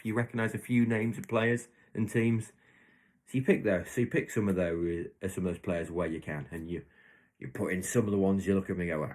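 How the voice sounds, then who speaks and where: A man's voice: low-pitched, steady tone, brisk, a little mellow. A man hosting his own podcast, talking casually and rambling through made-up examples with lots of restarts. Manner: rambling, self-correcting, storytelling with hypothetical examples. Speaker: podcast host. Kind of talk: casual solo podcast monologue.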